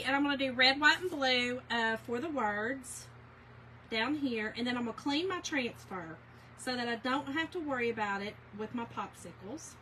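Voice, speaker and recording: A woman's voice: fairly high pitch, animated, moderate pace, bright, forceful tone, a little hiss or hum, low-quality recording. A woman chatting with viewers by name while she demonstrates a craft project on a livestream, with many fillers. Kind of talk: casual livestream craft tutorial.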